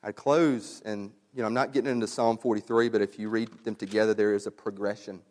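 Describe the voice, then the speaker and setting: A man's voice: lowish voice, a little mellow, long reverb tail. A man preaching a sermon as pastor, earnest and exhorting, repeating key phrases, then leading a closing prayer. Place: church sanctuary.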